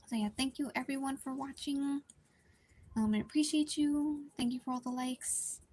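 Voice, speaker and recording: A young woman chatting casually on a live art stream, talking quietly and rambling with many likes and restarts. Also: steady tone, moderate pace, slight background noise. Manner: speaks quietly at low volume, partly whispering. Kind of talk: casual live-stream chat while drawing.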